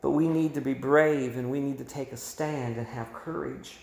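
A man's voice: medium pitch, steady tone, normal speed, creaky, darkish tone. A male pastor preaching a sermon with emphatic delivery, his voice swelling and dropping. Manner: emphatic preaching with rising and falling volume. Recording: roomy echo.

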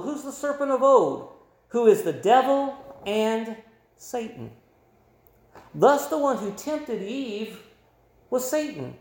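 A man preaching a sermon, reading scripture aloud and explaining it in a measured teaching manner. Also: high-pitched, roomy sound.

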